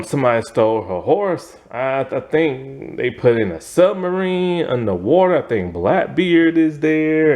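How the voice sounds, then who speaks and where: Animated, unhurried man rambling through a review. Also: medium pitch. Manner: rambling and animated, heavy on fillers, laughs often. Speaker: TV series reviewer. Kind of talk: casual spoken video review.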